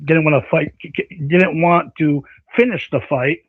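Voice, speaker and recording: A man hosting a casual online panel chat, rambling and animated with many fillers. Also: a little high, unhurried, no echo. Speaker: panel stream host. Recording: slightly dull dry audio.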